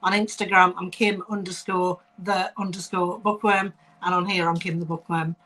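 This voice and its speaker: A woman's voice: on the low side, flat delivery, normal speed, sharp tone, slight background noise, poor audio. A woman from Staffordshire with a West Midlands accent, answering interview questions over a video call in a friendly way with many ums. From Staffordshire, England. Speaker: author and guest.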